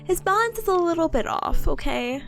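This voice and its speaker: A young woman streamer tells a story in casual chat, speaking at a moderate pace in a very high, gravelly voice with soft music in the background. She's an animated storyteller who laughs often and acts out the quotes.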